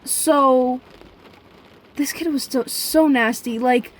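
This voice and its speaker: Chatty young woman with a high voice. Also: slow pace. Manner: rambling, chatty, with sudden profane outbursts; talks straight to her viewers. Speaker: vlogger. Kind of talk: casual storytelling vlog.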